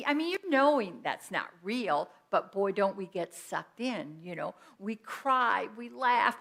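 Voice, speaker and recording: A middle-aged woman minister preaches with a clear, bright voice. She tells personal stories in a lively way and acts out the lines of the people in them. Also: medium pitch. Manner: animated storytelling with quoted asides and laughter. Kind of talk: sermon.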